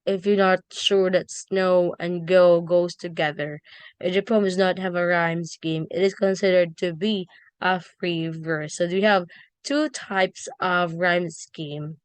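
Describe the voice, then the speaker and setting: A woman teaching a lesson on poetry, explaining slowly with fillers and self-corrections. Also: on the low side, steady tone, clean tone, no room sound. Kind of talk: classroom lecture on poetry.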